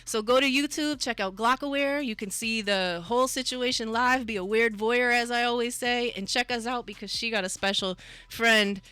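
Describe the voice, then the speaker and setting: Bright-voiced, chatty woman radio host. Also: on the high side, clean tone, dry recording. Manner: chatty, laughs often, quick asides. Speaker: radio show host and mental health advocate. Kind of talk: casual radio chat.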